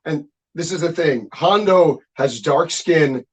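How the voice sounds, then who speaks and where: A middle-aged man, a guest musician, telling stories in a casual, profane, animated interview chat. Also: a little high, slow pace, slightly rough.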